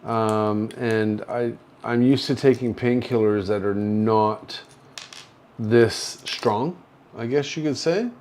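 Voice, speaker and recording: A man's voice: on the low side, a little mellow, a little hiss or hum. Drowsy man slurring on painkillers. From Canada. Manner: slow, rambling, halting with many fillers. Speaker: livestream host. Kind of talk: casual livestream chat reading viewer comments. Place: hospital room.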